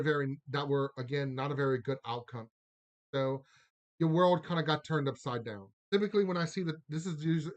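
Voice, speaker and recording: Louisiana man with a Cajun accent, slightly high pitch, casual rambling live-stream card reader. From Louisiana, Lafayette area. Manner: chatty, rambling, drawling "y'all", laughs often.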